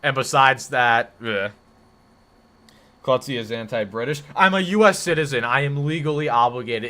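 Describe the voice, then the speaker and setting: A man's voice: mid-range voice, moderate pace, pushed and bright. A man from the northeastern United States, streaming and chatting casually, rambling and correcting himself as he reacts to chat.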